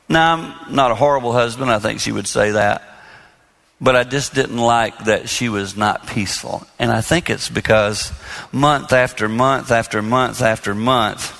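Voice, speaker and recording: Bright-voiced middle-aged male preacher. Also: medium pitch, vocal fry, in a large hall. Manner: humorous, self-deprecating storytelling that turns earnest. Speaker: marriage speaker and minister. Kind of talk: storytelling sermon.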